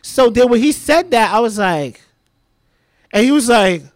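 A man's voice: extremely high pitch, animated, unhurried, dry recording, clean studio sound. A young man telling a personal story as a podcast guest, rambling and repeating himself, leaning on "like" all the time. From Trinidad.

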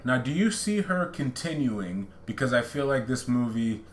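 A man's voice: medium pitch, big pitch swings, moderate pace, roomy sound, slight background noise. A man co-hosting a podcast, talking casually about films and often hesitating and starting over. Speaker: podcast co-host. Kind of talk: casual film chat.

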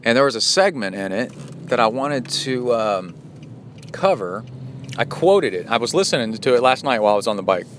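Medium-pitched, a bit bright and very animated, an American man talks at a moderate pace while driving for his solo podcast. His casual chat keeps veering into tangents and self-corrections, with road and car noise in the background.

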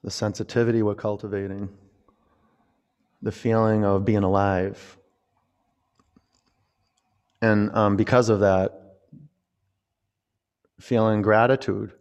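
A young man leading a yoga class, giving calm cues and counting reps aloud. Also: fairly low pitch, slow, pauses often, clear, resonant tone. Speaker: yoga instructor.

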